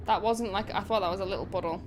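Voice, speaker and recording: Northern english woman streaming a game, talks in a rambling chatty way, a bit of hum behind her. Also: mid-range voice. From England. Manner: chatty, rambling, quick to laugh. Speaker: gaming streamer. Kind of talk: casual chat while playing.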